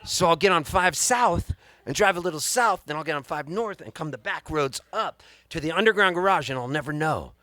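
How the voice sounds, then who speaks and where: Excitable male storyteller onstage, dry sound. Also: fairly high pitch, fairly quick, dry recording. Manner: animated, excitable storyteller who acts out the people he quotes. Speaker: singer-songwriter performing live. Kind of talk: storytelling between songs on stage. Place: live music venue.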